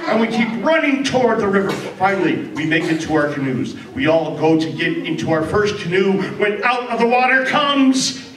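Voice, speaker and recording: A man's voice: sits high, sing-song, normal speed, crowd noise. A man telling a story in a playful, dramatic way, adding sound effects. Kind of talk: animated storytelling. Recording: roomy distant mic with background noise.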